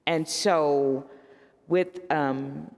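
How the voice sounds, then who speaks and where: A woman's voice: extremely slow, gravelly. A woman pastor speaking on a discussion panel, telling stories with emphatic swings in her voice. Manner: animated storyteller with emphatic pitch swings. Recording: echoey church hall.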